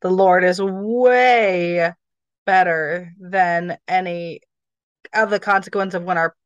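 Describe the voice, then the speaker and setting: A woman co-hosting a casual faith podcast, talking with animated enthusiasm. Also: lowish voice, takes it slowly, clear, resonant tone, dry recording, highs cut off. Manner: animated, enthusiastic, laughs easily. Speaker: podcast co-host.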